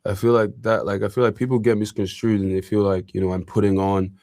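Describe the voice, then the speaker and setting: A man's voice: on the low side, flat delivery, quick pace, mellow, no echo, clean studio sound. A young man from Ireland, talking as an interview guest in a casual, rambling way full of fillers. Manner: rambling, filler-heavy, with frequent likes and you-knows. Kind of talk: casual conversation.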